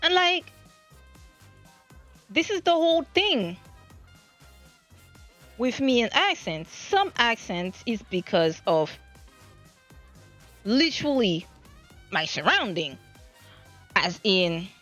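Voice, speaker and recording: A woman's voice: fairly high pitch, sing-song, slow, long pauses, a bit bright, soft background music. A woman streamer from the French Caribbean with a French Caribbean Creole accent, chatting casually in a rambling, self-deprecating way with many restarts. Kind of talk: casual chat. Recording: dull lo-fi stream audio.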